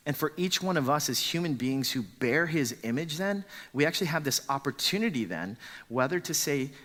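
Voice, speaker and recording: A male pastor preaches with a bright, forceful voice, pressing his points with rhetorical questions. A long hall reverb trails every phrase. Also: fairly high pitch, lively intonation, fairly quick. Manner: emphatic, rhetorical questions, acts out quotes. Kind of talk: sermon.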